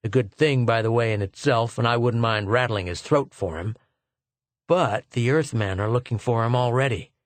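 A man's voice: medium pitch, normal speed, dry recording, natural voice. A man voicing a sneering, bigoted male army lieutenant in an audiobook, speaking with contempt. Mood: mocking. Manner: contemptuous, taunting.

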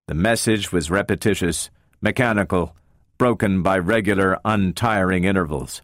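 Low-voiced man, expressive audiobook narrator. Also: moderate pace, no echo, studio quality. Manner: expressive, varied storytelling delivery.

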